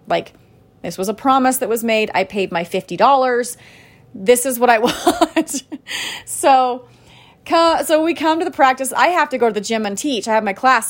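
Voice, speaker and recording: A woman in her thirties chatting casually to viewers, telling a family story with lots of fillers and quoted dialogue. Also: medium pitch. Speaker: vlogger and mom.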